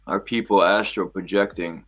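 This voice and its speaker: A man's voice: low voice, fairly even intonation, normal speed, a bit bright, highs cut off, soft background music. A man in a casual chat, wondering aloud and asking speculative questions.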